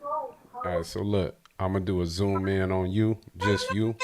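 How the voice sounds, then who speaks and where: Excitable male podcast host. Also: sits low, a little slow, noisy background. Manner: hypes up guest, loud and excitable. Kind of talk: casual interview.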